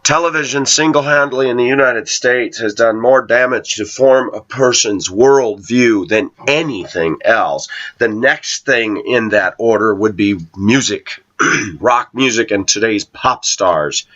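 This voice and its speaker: A man's voice: mid-range voice, measured pace, fairly bright tone, muffled recording. A middle-aged man giving a casual preaching monologue, telling stories, asking rhetorical questions and laughing often. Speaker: online Christian commentator.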